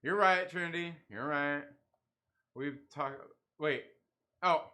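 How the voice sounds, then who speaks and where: A man's voice: fairly high pitch, takes it slowly, sharp tone. A man hosting a casual livestream who reads out chat comments, laughs often and banters with viewers. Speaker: livestream host.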